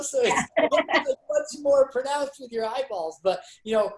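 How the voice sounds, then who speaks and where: A man's voice: very high-pitched, expressive, unhurried, a little mellow, roomy sound. A man hosting a sales training session, talking in a chatty, upbeat, rambling way with lots of fillers. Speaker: sales manager and training host. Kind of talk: casual motivational talk on a video call.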